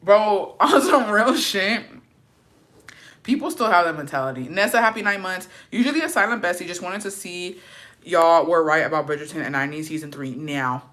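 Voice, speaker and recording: Young woman streamer, bright forceful voice, loud and cussing, sometimes whispering. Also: fairly low pitch, brisk. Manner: loud, profane and animated, swinging to hushed whispers. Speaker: livestream host. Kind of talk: casual livestream chat reading viewer comments.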